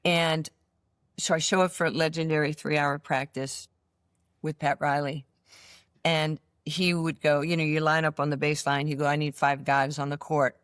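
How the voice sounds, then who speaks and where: A woman in her sixties with a New York accent, telling animated stories as an interview guest and acting out the voices in them. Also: low-pitched, normal speed, clean tone, dry recording, studio quality. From United States. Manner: animated storyteller, acts out voices in her anecdotes. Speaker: interview guest, former basketball player. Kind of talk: casual storytelling interview.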